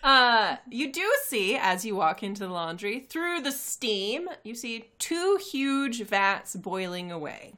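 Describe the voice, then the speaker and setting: A woman's voice: on the high side, sing-song, slow pace, few pauses, bright, forceful tone. A woman running a tabletop game as game master, narrating descriptively and laughing easily.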